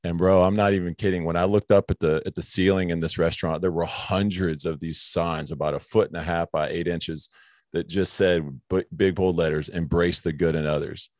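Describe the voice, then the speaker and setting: A man's voice: low voice, fairly even intonation, brisk, a little mellow, no room sound, clean studio sound. A man hosting a casual faith conversation, telling a personal story earnestly and calling his guest bro. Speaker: podcast host.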